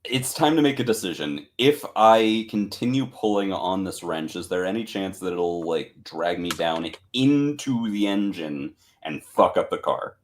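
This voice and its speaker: A man playing his character in a tabletop game, deliberate and freely swearing. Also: low voice, animated. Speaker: player. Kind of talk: casual tabletop play.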